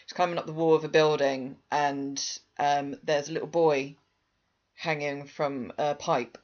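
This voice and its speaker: An English man co-hosting a podcast, talking in an animated, exasperated way as he criticises. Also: fairly high pitch, a little slow, dull audio. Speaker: podcast co-host. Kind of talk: casual chat.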